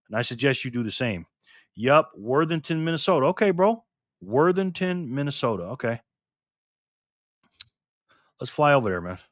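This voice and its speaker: Livestream host, man, mid pitch, casual and upbeat, greets viewers by name, dry close recording. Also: fairly bright tone, dry recording. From Rochester, New York. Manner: friendly, upbeat, reads chat aloud and greets viewers by name. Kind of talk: casual live stream chat reading viewer comments.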